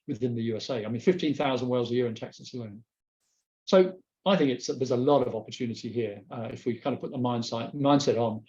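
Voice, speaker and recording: A man presenting slides in a webinar, speaking haltingly with many restarts and repeated words, heard through a remote webcast mic. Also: medium pitch, a little mellow, muffled recording.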